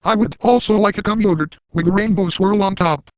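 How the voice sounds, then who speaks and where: A man's voice: high-pitched, brisk, no echo, close to an everyday voice, rough recording. A man voicing a crude, manic cartoon dad in an absurd parody monologue, ranting and making repeated sound-effect noises.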